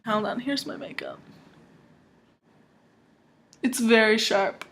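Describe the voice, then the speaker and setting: Indoors at home while a rainstorm goes on, a young woman wanders through a casual, self-deprecating monologue like a vlogger addressing her camera. Her voice is a little high and gravelly, and she takes it slowly. Faint rain and ambient noise sit in the background.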